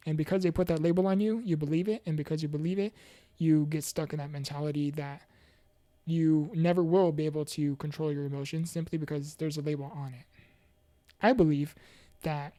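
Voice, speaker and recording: Earnest low-voiced woman sharing testimony. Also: dark tone, no room sound. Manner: earnest, heartfelt, halting with fillers and restarts; preachy, faith-focused encouragement. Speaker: motivational speaker. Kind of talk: personal mental health testimony.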